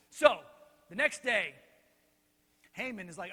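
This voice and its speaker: A male pastor telling a Bible story in an animated, joking way while directing helpers on stage, in a reverberant church hall. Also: extremely high pitch, moderate pace. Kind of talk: children's Bible lesson storytelling.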